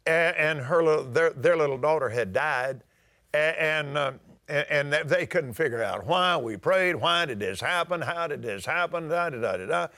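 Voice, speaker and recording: Older preacher guy, high-pitched, folksy sermon, tells stories and hollers sometimes. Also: animated, moderate pace. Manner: folksy preaching, rising to shouts.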